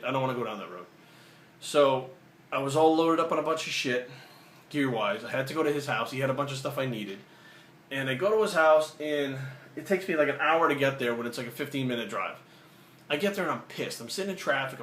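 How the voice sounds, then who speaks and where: Profane, animated man telling a story. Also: medium pitch, a little fast. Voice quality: profane, animated, acts out the dialogue. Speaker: vlogger. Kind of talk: casual storytelling. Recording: roomy echo, faint ambient noise.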